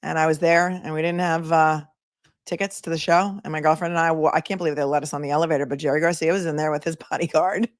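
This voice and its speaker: A woman's voice: deep voice, fairly even intonation, fast talker, no echo, clean studio sound. A middle-aged woman attorney hosting a casual livestream, chatting and reading viewer comments aloud.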